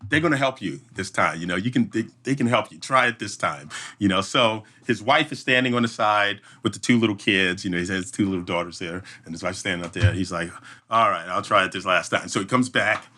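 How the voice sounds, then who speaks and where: A man who works as an event emcee, guesting on a podcast and telling an animated story with frequent restarts and hummed sound effects. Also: lowish voice, fairly quick.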